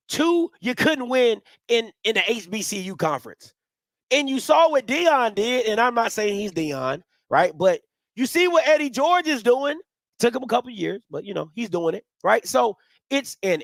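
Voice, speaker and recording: A young man hosting a show, delivering blunt, opinionated sports commentary in an animated rant. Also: sits high, no room sound, clean studio sound.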